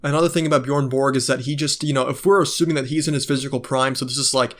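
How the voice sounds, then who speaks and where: A man's voice: medium pitch, steady tone, fast talker, fairly bright tone. A man vlogging in a casual monologue, ranting with swearing and lots of fillers. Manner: ranting, profane, many fillers.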